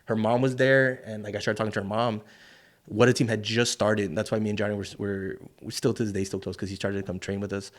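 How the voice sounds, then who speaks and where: A man's voice: lowish voice, fast. Middle-aged south texas guy, wrestler telling stories on a podcast, swears a lot, does the voices of people he quotes. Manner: profane, animated, acts out quoted voices. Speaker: wrestler and guest. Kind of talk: casual storytelling interview.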